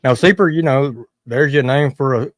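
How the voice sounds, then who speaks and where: A man hosting a livestream, talking casually in a halting way and often restarting his sentences. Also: medium pitch, dry recording. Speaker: livestream host.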